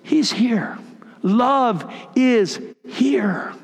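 A pastor preaching a sermon in a church, emphatic and repetitive, sometimes dropping to a soft near-whisper. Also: male voice, extremely high pitch, animated, very slow, vocal fry. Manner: emphatic, repeats key phrases, drops to a soft near-whisper. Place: church sanctuary. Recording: long reverb of a large church hall.

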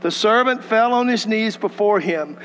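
Animated preacher in a reverberant hall. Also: male voice, sits high, normal speed, clear, resonant tone. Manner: animated, acts out scripture voices, folksy asides. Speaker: pastor. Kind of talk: sermon. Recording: long hall reverb with mains hum.

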